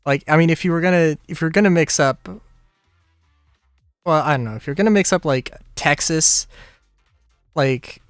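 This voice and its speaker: A man's voice: fairly high pitch, normal speed, long pauses, clean tone, no room sound, studio quality, faint music behind. A man streaming a game, chatting casually in rambling asides and chuckling as he talks. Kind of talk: casual gameplay commentary.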